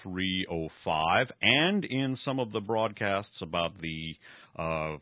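A man's voice: deep voice, lively intonation, slow, no echo. A man hosting a radio talk program, reading and commenting at length, with frequent fillers. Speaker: radio host. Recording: dull lo-fi radio recording.

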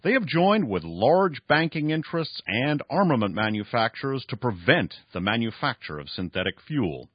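A man voicing a frail, proud old male scientist who rasps and wheezes as he lectures. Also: mid-range voice, sing-song, normal speed, hardly any pauses, no echo, muffled recording, voice pushed up. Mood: lecturing. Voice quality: raspy, short of breath.

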